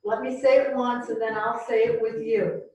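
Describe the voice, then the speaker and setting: A woman teaching a Spanish class over a video call, saying each word slowly and having the class repeat it after her. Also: on the high side, little pitch movement, a loud crowd. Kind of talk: slow, patient language drill. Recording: echoey, distant, dull and slightly noisy room audio.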